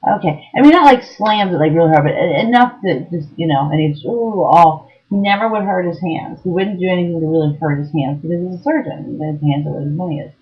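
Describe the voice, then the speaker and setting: Speaking fairly quickly with few pauses, a low-voiced, middle-aged woman tells an emotionally raw story of her abusive ex. Earnest throughout, she still stumbles into ums and restarts on a dull lo-fi home recording.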